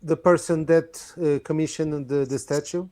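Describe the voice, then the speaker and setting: A man in a tabletop role-play session, asking questions in character and rephrasing as he goes. His voice is mellow and a bit high. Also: steady tone, normal speed. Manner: inquisitive, restarts questions. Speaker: player.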